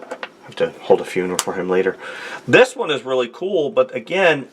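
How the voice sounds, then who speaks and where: A man's voice: mid-range voice, very animated, fairly quick, fairly bright tone, a little hiss or hum. A man talking casually and rambling through a drawing demonstration at his desk, joking and talking to himself as he works. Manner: rambling, jokey, talks to himself while drawing. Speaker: artist. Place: home studio desk.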